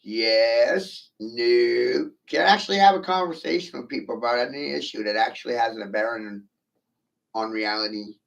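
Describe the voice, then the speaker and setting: A man's voice: medium pitch, moderate pace, creaky. A man ranting on a livestream, profane and provocative, firing rhetorical questions at his viewers. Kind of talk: rambling livestream rant.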